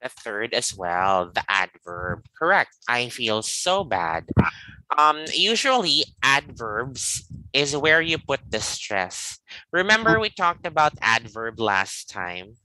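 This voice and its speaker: Guy teaching english online, bright voice, bouncy pitch, patient, says stuff slow. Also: big pitch swings, rough recording. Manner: patient, repeats model phrases slowly. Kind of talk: live online pronunciation lesson.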